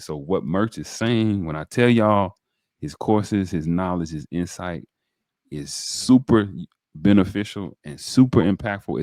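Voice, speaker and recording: Deep-voiced animated podcast host. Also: male voice, dry recording, studio quality. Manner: animated, preacher-like, addresses viewers directly. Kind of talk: enthusiastic interview talk.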